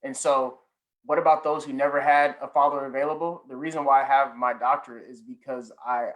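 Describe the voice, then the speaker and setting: Measured man on a conference panel. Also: mid-range voice, fairly even intonation, fairly bright tone, rough recording. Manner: measured, cites statistics, checks in with "right?". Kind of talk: panel discussion.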